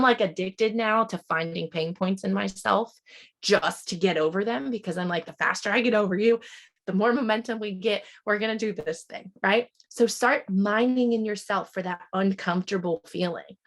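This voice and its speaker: A woman's voice: mid-range voice, gravelly. A woman giving a motivational talk on a video call, upbeat and encouraging as she coaches her listeners. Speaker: speaker at a team leadership training.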